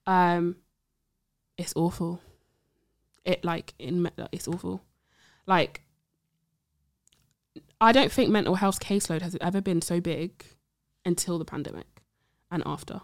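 A woman's voice: on the low side, a little slow, pauses often, no echo, studio quality. A young woman, a trainee psychologist, talking casually in an interview, rambling with many "like"s and checks that she is understood. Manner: rambling, says "like" and "do you see what I mean" often.

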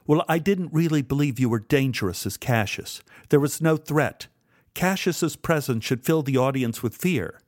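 A man voicing a stern older woman acting teacher who speaks curtly and scolds, pitch raised above his own. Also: expressive, normal speed, no room sound, studio quality, lightly acted. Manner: curt, scolding, then panicked shouting.

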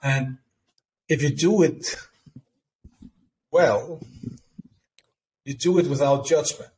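A man co-hosting a podcast, explaining ideas in a measured, conversational way. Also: medium pitch, a little mellow, poor audio. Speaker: podcast co-host. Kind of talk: casual conversation. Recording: faint background noise and clicks.

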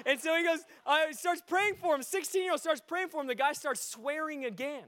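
A high-voiced man preaching to a crowd, telling lively stories that climb from hushed asides to shouted peaks. The sound is close and dry, with little room echo. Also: moderate pace. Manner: animated, swings between hushed and shouting. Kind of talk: sermon storytelling.

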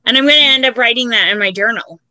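A woman's voice: on the high side, fast talker, sharp tone, no echo. A woman in recovery chatting frankly on a podcast, swearing freely. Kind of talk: casual conversation.

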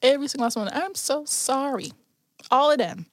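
A woman's voice: sits high, lively intonation, a little fast, slight background noise. A young woman co-hosting a podcast in casual chat, ranting emphatically and dramatically. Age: young adult. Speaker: podcast co-host.

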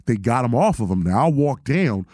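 A man's voice: medium pitch, sing-song, moderate pace, darkish tone, dry recording, studio quality. A man, hosting a podcast and telling stories in a laid-back, profane way. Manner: laid-back storyteller, swears freely. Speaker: podcast host. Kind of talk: casual profane chat.

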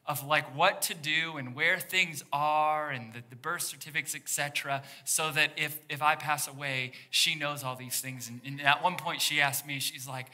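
Male pastor, very bright ringing tone, lively sermon delivery that sinks to a hush for emphasis, speaks to the congregation directly. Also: a little high, moderate pace, few pauses. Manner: animated, dropping to a hushed near-whisper for emphasis.

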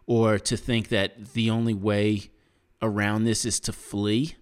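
A man's voice: on the low side, flat delivery, slow, clear, resonant tone. An American man co-hosting a podcast, giving earnest opinions in casual chat with frequent restarts. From United States. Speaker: podcast co-host.

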